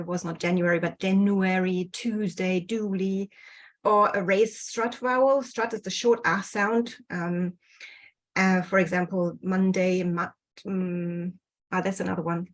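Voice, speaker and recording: A woman presenting research in an online lecture over a video call, pausing often with ums and correcting herself. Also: lowish voice. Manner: hesitant, many ums and self-corrections. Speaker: guest speaker presenting research.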